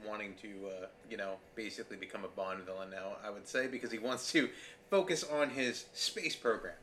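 A man's voice: lowish voice, fairly quick, a bit bright, a little hiss or hum. A man co-hosting a casual podcast, making dry, offhand comments. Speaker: podcast co-host. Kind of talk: casual chat.

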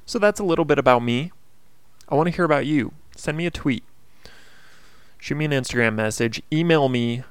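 A man's voice: a little high, lively intonation, brisk, pauses often, clear, resonant tone, no echo. A man hosting his own casual podcast, talking in an earnest, upbeat motivational way with plenty of fillers. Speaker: podcast host. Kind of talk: casual solo podcast monologue.

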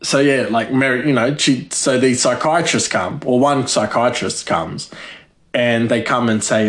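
A man's voice: medium pitch, unhurried, fairly bright tone. A man rambles through a comedic monologue in a loose, chatty way. He piles on fillers and breaks into laughter at his own jokes. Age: adult.

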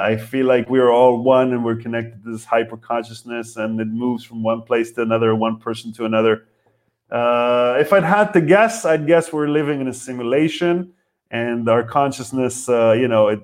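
Male comedian-host, mid-range voice, casual rambling monologue, swearing, rhetorical, loud-to-quiet swings. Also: medium pitch. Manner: animated, profane, lots of rhetorical questions.

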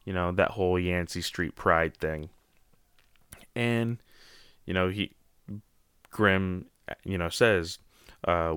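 A man's voice: sits low, steady tone, measured pace, long pauses, fairly bright tone, smooth, dry recording, clean studio sound. A man giving a casual spoken comic book review, rambling and often saying "you know.".

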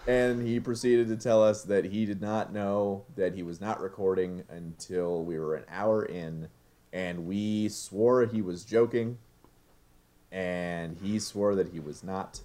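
Very low-voiced male podcast co-host, unhurried, jokey with laughs. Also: steady tone, a little mellow. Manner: jokey, laughs often, halting restarts. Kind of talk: casual podcast chat. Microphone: remote recording setup.

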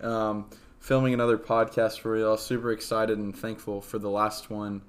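Upbeat male podcast host, slightly low voice, casual with lots of ums. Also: little pitch movement, normal speed.

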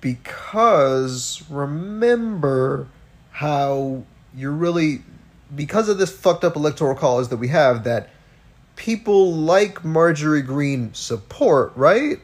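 A man's voice: fairly high pitch, lively intonation, takes it slowly. A man co-hosting a podcast, ranting about politics in casual chat, swearing freely and throwing in rhetorical questions. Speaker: podcast co-host.

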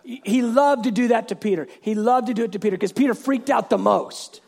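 High, gravelly preacher man. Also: a little fast, a faint crowd. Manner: animated storytelling with bursts of shouting. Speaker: pastor. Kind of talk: sermon.

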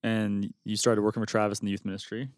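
A man's voice: on the low side, flat delivery, quick pace, darkish tone, dry recording, clean studio sound. A man hosting a podcast who asks the questions and jokes with his guests. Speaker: podcast host. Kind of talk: casual podcast interview.

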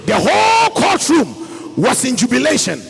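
A man preaching a sermon, in a sing-song voice that swings up to shouts. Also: very high-pitched, huge pitch swings, unhurried, creaky, very noisy. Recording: hall reverb with faint music.

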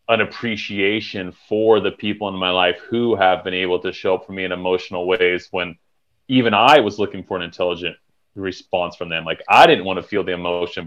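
Frank low-voiced man on a dull recording. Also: a bit bright. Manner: frank and reflective, swears casually. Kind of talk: candid conversational podcast talk.

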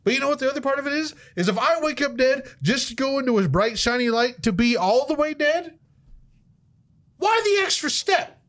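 A man in casual chat, ranting with profanity and sudden loud outbursts. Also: very high voice, lively intonation, fairly quick.

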